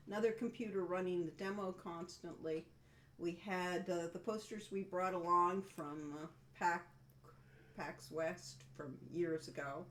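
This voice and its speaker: A woman co-hosting a game developers' livestream, chatting casually and reminiscing in a meandering way. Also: medium pitch. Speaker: co-host of a game developers' stream.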